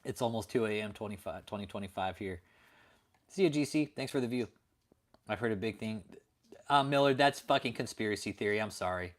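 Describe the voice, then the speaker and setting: A man's voice: fairly low pitch, brisk. A man hosting a late-night livestream, ranting profanely and answering viewers in chat. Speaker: livestream host.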